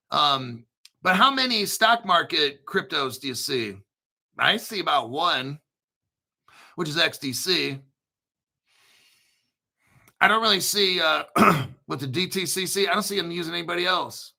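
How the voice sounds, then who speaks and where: A man's voice: a little high, creaky, bright, forceful tone. A man hosting a crypto livestream, talking in a blunt, profane, rambling way and reading viewer chat aloud. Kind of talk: casual livestream commentary.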